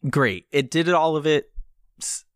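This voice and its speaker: A man's voice: a little high, a little slow, smooth, dry recording, clean studio sound. Joking man in casual podcast chat. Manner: animated, joking, acts out quotes. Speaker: podcast co-host.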